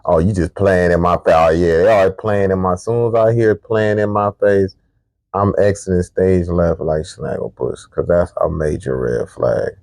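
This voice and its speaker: A man's voice: low voice, normal speed, gravelly, a little mellow, dry recording. A man giving blunt, profane, preachy commentary on a video clip.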